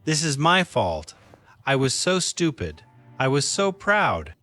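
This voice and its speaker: A man playing a remorseful young husband after a drunk-driving crash, in a slow scripted learner's story, pleading and desperate. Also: on the high side, huge pitch swings, pushed and bright, full character voice. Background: faint music.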